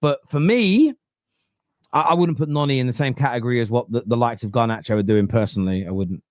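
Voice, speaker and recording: London-accented man, mid-pitched, dry sound, swearing, animated, acting out quotes. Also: fast talker, dry recording. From East London. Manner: animated storyteller, swears freely, acts out quotes. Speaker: podcast host. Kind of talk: casual football podcast chat.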